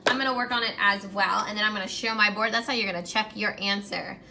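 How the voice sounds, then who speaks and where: A woman teacher giving a recorded grammar lesson to young students, clear and encouraging, slowing down while she writes on a whiteboard. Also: mid-range voice, fairly even intonation, noisy background.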